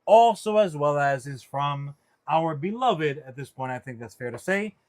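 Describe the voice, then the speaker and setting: A man with a high voice runs a loose pop-culture chat, animated and rambling. He swears freely and piles up fillers and restarts. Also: moderate pace. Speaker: podcast co-host.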